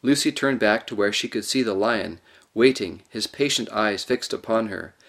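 A man narrating a children's story aloud with expressive storytelling. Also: lowish voice, moderate pace, vocal fry. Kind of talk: audiobook reading of a children's story.

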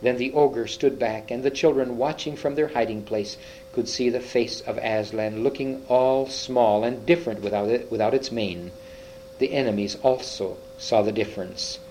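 Man slowly reading a storybook aloud. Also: mid-range voice, darkish tone, slight background noise, poor audio. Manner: slow, halting reading with small slips and restarts. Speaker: reader. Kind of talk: reading a children's fantasy book aloud.

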